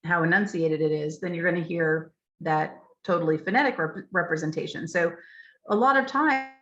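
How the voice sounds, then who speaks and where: A woman leading a teacher training session over a video call, explaining clearly with frequent ums and saying example phrases aloud. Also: fairly low pitch, moderate pace, a bit bright. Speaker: literacy trainer. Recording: dull lo-fi video call audio.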